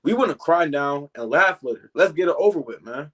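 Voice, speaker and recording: A man teaching from scripture in a relaxed preaching style, filling pauses with "man" and "you know" and reading verses slowly. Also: fairly high pitch, husky. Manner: reads verses slowly and deliberately.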